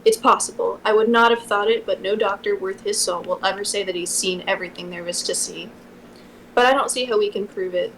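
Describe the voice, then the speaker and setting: A woman reading aloud voices a male country doctor, who speaks in a cautious, measured way. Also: sits high, fairly even intonation, a bit bright, slight background noise, poor audio.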